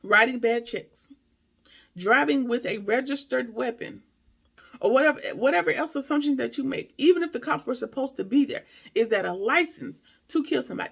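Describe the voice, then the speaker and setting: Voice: sits high, lively intonation, moderate pace, gravelly, fairly bright tone, breathy edge. A TV episode reviewer giving a casual recap and commentary, emphatic and talking straight to viewers with rhetorical questions.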